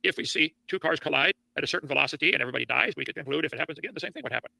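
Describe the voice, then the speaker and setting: A man's voice: a little high, animated, very fast, vocal fry, pushed and bright, no echo. A man making a debate argument in a folksy way, leaning on homespun examples. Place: debate recording, played on a review show.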